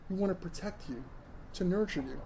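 A tender alien guardian in a hushed, compassionate voice, as a male reader puts him on. The tone stays dark and mellow, a little higher than an everyday male voice. It sounds like a storybook reading. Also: brisk, a little hiss or hum, close to an everyday voice. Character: gentle alien caretaker, soft and compassionate.

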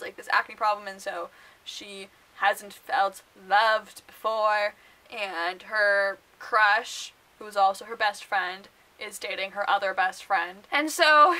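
A young woman rambling through casual book vlog commentary, full of fillers and quick laughs. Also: fairly high pitch, pushed and bright, rough recording. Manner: chatty and rambling, many fillers, laughs often. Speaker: book vlogger.

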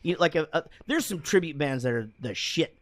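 A man's voice: fairly high pitch, lively intonation, fairly quick, no room sound. A man hosting a podcast in casual, rambling chat, swearing often and laughing a lot. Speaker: podcast host. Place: studio room with guests.

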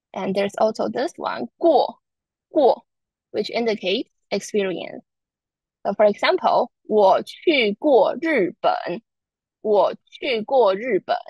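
Taiwanese woman teaching, gravelly, muffled. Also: mid-range voice, no echo. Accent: Taiwanese Mandarin. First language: Mandarin Chinese. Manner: slow, careful repetition of example words. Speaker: Chinese language instructor. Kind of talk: language lesson presentation.

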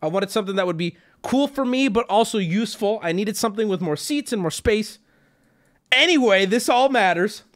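A young man streaming and telling a story to his chat. His voice sits high and swings all over the place, swearing freely and jumping into sharp high yelps when he acts out his own lines. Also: a little fast. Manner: animated, swearing, jumps to high yelps when quoting himself.

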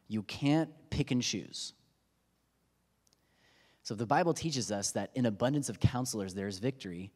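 A man in his thirties with a medium-pitched, slightly mellow voice preaches a sermon in a church sanctuary. He's conversational and pokes fun at himself, often acting out quotes for laughs. The church hall gives the recording a long reverb.

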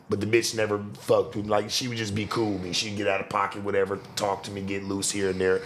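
A man's voice: on the low side, little pitch movement, quick pace, hardly any pauses, a bit bright, a little hiss or hum. A man hosting a podcast, telling a street story in casual, profane slang. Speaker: podcast host.

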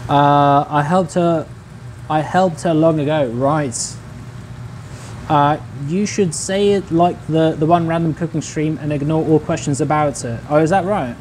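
A man's voice: on the high side, a little slow, a little mellow, slight background noise, poor audio. Laid-back young man, slangy. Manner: laid-back, slangy, chats to viewers while cooking. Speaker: streamer. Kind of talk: casual cooking livestream chat.

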